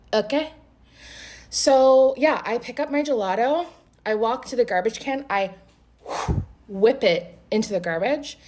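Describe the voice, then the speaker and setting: Animated, foul-mouthed woman telling a story. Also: mid-range voice. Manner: animated, profane, quoting both sides of a conversation. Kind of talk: casual storytime to camera.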